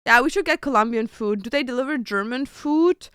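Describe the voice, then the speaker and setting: A woman's voice: fairly high pitch, animated, brisk, fairly bright tone, clear, resonant tone, no echo, studio quality. A young woman streamer chatting casually with her viewers, thinking aloud and swearing now and then as she picks food to order.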